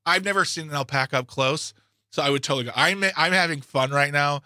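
A man co-hosts a loose radio talk show, cracking sarcastic jokes between news items. His voice is very bright and sharp, set at a middle pitch. It is recorded close and dry. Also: fast talker, no room sound. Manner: joking, sarcastic banter. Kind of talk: casual radio chat.

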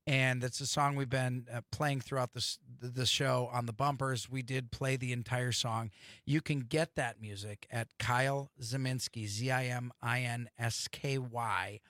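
A man's voice: mid-range voice, fairly even intonation, normal speed, fairly bright tone, no room sound. A man hosting a radio talk show, telling stories in casual studio chat with enthusiasm. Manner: enthusiastic storyteller.

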